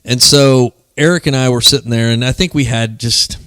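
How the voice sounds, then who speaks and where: A man's voice: medium pitch, normal speed, a bit bright, clear, resonant tone, no echo. A man hosting a casual podcast conversation, telling stories in a chatty way and filling his talk with "man" and "you know.". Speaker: podcast host and co-founder of a men's mental health group.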